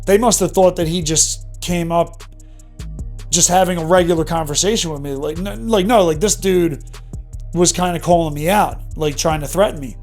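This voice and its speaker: A man's voice: on the high side, normal speed, darkish tone, soft background music. A man in his thirties candidly telling an emotional personal story in a vlog monologue. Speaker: vlogger.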